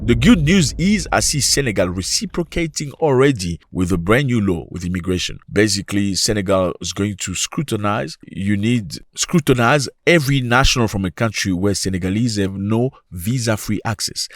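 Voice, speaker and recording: A man hosting opinionated commentary, talking in an animated way with rhetorical questions and sudden jumps in pitch. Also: normal speed, hardly any pauses, dry recording, clean studio sound. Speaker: commentary channel host.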